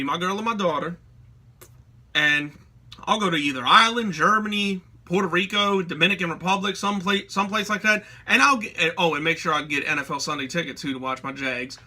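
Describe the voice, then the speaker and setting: Man, young adult, angry ranting vlogger, cursing constantly, piercing bright tone. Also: high voice, brisk. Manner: heated, swearing, slangy. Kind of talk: profane ranting commentary.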